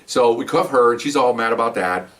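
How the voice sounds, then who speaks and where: Older man, retired police officer, casual storytelling, animated quoted voices, slightly distant mic. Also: fairly quick. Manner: animated, acts out quoted dialogue with higher pitch. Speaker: retired police veteran telling stories.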